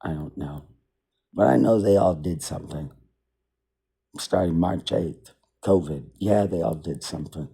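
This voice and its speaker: Man, dark and husky, rambling indignant political monologue, repeats himself. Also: low-pitched, a little slow, pauses often. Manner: rambling and repetitive, circles back to the same points. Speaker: political commentator. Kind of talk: unscripted monologue.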